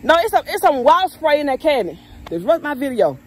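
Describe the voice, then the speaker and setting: A woman's voice: high-pitched, very animated, a little fast. A woman, a mother, chatting animatedly and in slang while vlogging outdoors on a neighborhood street, filmed on a phone by someone else. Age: adult mother. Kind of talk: casual vlog chat. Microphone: phone camera held by someone else.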